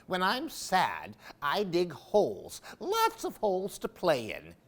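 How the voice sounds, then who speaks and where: A man voicing a calm, helpful male rabbit in a read-aloud picture book, giving matter-of-fact advice. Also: high-pitched, takes it slowly, full character voice.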